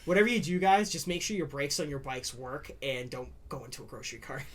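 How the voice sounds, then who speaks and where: A young man co-hosting a casual chat, telling stories with lively acted-out quotes. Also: fast talker. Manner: animated storyteller, acts out quotes in loud high yelps. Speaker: podcast co-host.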